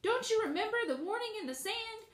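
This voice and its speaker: A woman voicing a talking yellow hen, brisk and bossy. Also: extremely high pitch, expressive, echoey room, voice pushed up. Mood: frantic.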